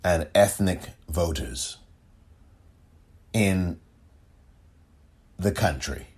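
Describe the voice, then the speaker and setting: A man hosting a solo political commentary podcast, speaking in a deliberate, emphatic, indignant way. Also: low-pitched, expressive, darkish tone, husky.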